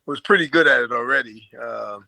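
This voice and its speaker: An older man with an American accent touched by an Australian twang tells stories as an interview guest. His voice is gravelly yet bright, and his delivery is easygoing and chatty, with fillers and chuckles. The recording is dry and close. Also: mid-range voice, brisk, dry recording, low-quality recording. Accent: American with a slight Australian twang. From Brooklyn, New York. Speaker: guest, former basketball player. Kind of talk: casual storytelling in an interview.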